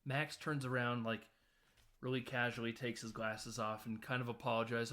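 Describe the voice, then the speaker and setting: A man hosting a casual film podcast, recapping scenes with quick quoted voices. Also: medium pitch, flat delivery, sharp tone. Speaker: podcast host.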